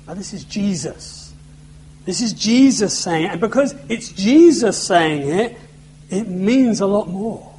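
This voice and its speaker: A man's voice: high-pitched, lively intonation, unhurried, a little mellow, a little hiss or hum, rough recording. A man preaching a sermon in a conversational way, with self-deprecating humor.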